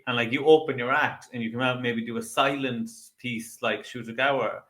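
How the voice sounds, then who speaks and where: A man's voice: medium pitch, fast talker, hardly any pauses, a bit bright. A man co-hosting a magic podcast, talking casually and jokily and breaking into laughter mid-sentence. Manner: jokey, laughs through his points. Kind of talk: casual chat.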